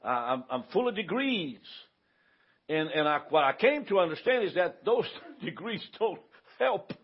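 A pastor teaches a church Bible class in a fairly high, very animated male voice, a little slow with a breathy edge. He keeps it conversational and often asks the room to confirm they're following. The lo-fi recording sounds dull.

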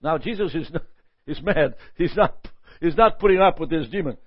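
A man teaching a Bible lesson in a lively sermon style, often asking "Amen?" and chuckling. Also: fairly high pitch, normal speed, husky, no echo, muffled recording.

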